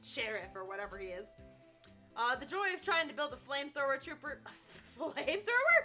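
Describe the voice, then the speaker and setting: A woman streaming a video game and chatting casually with her viewers, giggly and animated. Her voice is high and very lively, jumping all over, with soft music playing faintly behind. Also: moderate pace. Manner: animated and giggly, reads chat aloud. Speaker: gaming streamer. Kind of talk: casual live-stream gaming chat.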